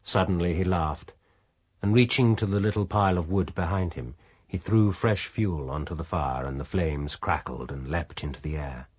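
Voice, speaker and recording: A man reading a historical novel aloud as an audiobook narrator, in a measured, unhurried way. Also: low-pitched, slightly rough.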